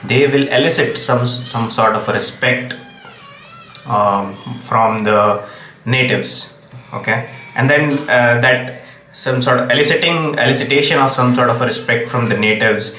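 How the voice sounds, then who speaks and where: A man's voice: mid-range voice, steady tone, unhurried, sharp tone, roomy sound, a little hiss or hum. A man with an Indian English accent delivering a solo opinion monologue, emphatic and repeatedly checking "okay?" to press his points. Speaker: commentator.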